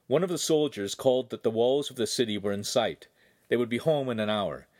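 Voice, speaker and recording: A man narrating an audiobook in a steady, even storytelling manner. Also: medium pitch, brisk.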